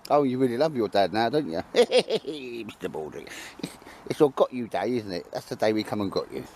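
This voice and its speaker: A man's voice: mid-range voice, expressive, fast, a little mellow, a little hiss or hum. A man chatting casually to the camera while cooking outdoors, rambling and bantering with lots of tag questions. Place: outdoors in woodland.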